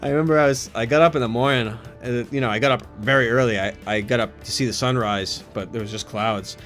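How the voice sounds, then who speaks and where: A man's voice: mid-range voice, fairly even intonation, fast, a bit bright. Man telling a rambling story, music behind. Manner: breaks into laughter while telling a story, swearing. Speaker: comedian.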